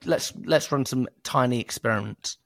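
A man co-hosts a casual sales podcast, laughing often and acting out quoted voices. His medium-pitched voice moves at normal speed in clean studio sound with no echo.

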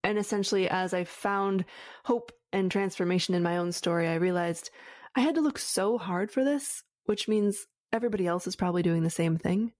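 A woman's voice: fairly low pitch, a little mellow, dry recording, studio quality. A woman who coaches widows, answering interview questions in an earnest, reflective, flowing way.

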